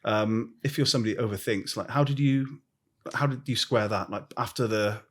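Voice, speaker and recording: A man's voice: fairly low pitch, a little fast, fairly bright tone. A man hosting an interview podcast, asking questions in an informal, hesitant way with lots of fillers. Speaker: podcast host. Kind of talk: casual interview chat.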